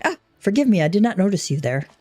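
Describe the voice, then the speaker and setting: A woman's voice: mid-range voice, very animated, fast talker, mellow, faint music behind, pitched above the performer's own voice. A woman voicing a flustered young male horse handler in a game, talking in an exasperated, formal, archaic way. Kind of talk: read-aloud game dialogue.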